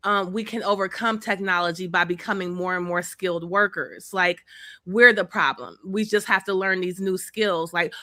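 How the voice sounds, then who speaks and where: A woman's voice: medium pitch, normal speed, sharp tone, dry recording, studio quality. A woman co-hosting a podcast, explaining history in a casual, chatty way with fillers and the odd swear. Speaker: podcast co-host.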